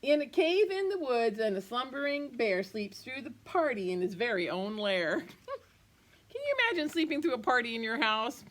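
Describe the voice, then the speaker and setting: A woman teacher reading a picture book aloud to her class, expressive and playful, with asides to the children. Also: a little high, normal speed.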